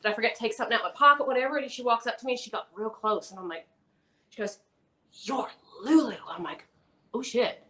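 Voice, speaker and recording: Australian woman, middle-aged, animated storyteller, bright tone, echoey recording. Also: fairly high pitch, racing. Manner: animated storyteller, acts out quoted voices. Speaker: guest content creator. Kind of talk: casual interview chat. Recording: echoey room.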